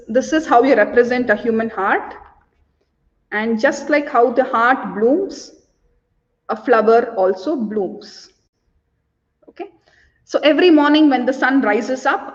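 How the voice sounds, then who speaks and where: Give me an animated woman telling a story in a talk, on a dull recording with reverb. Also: fairly high pitch, a little slow, long pauses. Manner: animated, acts out quotes. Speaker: conference speaker. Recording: dull audio with long reverb.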